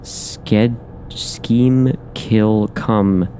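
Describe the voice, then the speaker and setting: Drawing out his words in a fairly low, dark voice with fairly even intonation, a man hosts a horror game let's play. He runs a gaming channel, mutters to himself while solving codes, and makes wry remarks, with slight noise in the background.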